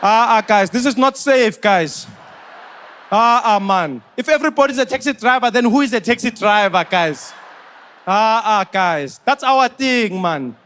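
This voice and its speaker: A man voicing an indignant male taxi driver with a South African accent who protests loudly. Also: sits high, lively intonation, a little slow, a little hiss or hum. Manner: loud, protesting, clicking "ah, ah".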